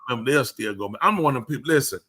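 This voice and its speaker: At a live show studio with crowd noise, a man of medium pitch tells stories in casual chat at a quick pace. He's animated and plays out the quoted exchanges.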